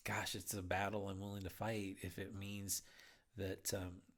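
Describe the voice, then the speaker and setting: A man's voice: low-pitched, little pitch movement, measured pace, fairly bright tone. A man hosting a Bible podcast, talking in an earnest, heartfelt, urging way. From United States. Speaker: podcast host. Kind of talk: earnest Bible teaching talk.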